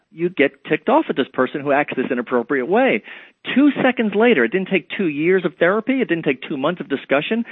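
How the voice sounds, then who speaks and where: Fast-talking man on a phone line. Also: sits high, husky, dry recording. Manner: fast, earnest storytelling with acted-out examples. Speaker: author and guest. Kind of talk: radio interview. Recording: dry tinny phone line.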